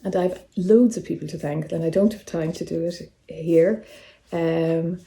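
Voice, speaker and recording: A woman, an author reading from her own novel in a calm, measured way. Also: low-pitched, creaky. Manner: calm, measured reading; casual, slightly hesitant when speaking off-script. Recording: roomy echo.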